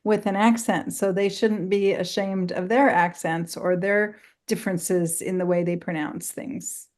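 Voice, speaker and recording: Woman co-presenter, measured and reassuring, webinar call. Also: medium pitch, steady tone, darkish tone. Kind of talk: training webinar talk.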